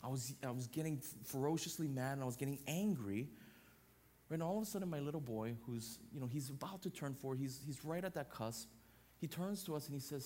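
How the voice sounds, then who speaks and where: A man's voice: mid-range voice, animated, a little fast, dark tone. A man in his thirties preaching a sermon as pastor, emphatic, building points through repeated parallel phrases.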